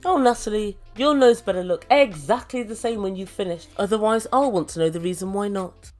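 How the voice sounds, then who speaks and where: A woman's voice: mid-range voice, brisk, darkish tone, faint music behind. A woman recapping a reality show with a sardonic, mocking delivery and free swearing. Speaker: reality TV reviewer. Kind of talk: sarcastic recap commentary.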